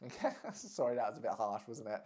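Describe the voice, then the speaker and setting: A young man giving fitness and diet advice in a blunt, teasing, energetic way, swearing freely. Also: lowish voice, fast talker. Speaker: fitness coach. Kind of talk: casual direct-to-camera advice.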